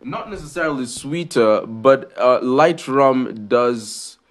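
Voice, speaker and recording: Male co-host, relaxed chatty delivery, frequent laughter, mid-range voice. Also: mid-range voice, takes it slowly. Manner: laughs often, restarts and trails off. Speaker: podcast co-host. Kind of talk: casual chat.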